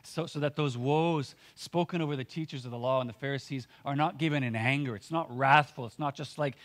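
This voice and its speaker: A man's voice: mid-range voice, brisk, few pauses. A man preaching a sermon as pastor, earnest and conversational, often using filler words and restarting his sentences.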